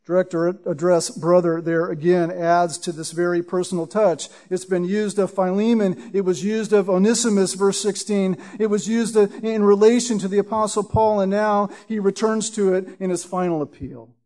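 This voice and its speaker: A preacher with a strikingly high male voice works through a Bible passage one verse at a time, patiently unpacking what the words mean and using the scripture quotations for emphasis. His intonation stays fairly even, his speed is normal, and he pauses little, with a somewhat dark tone.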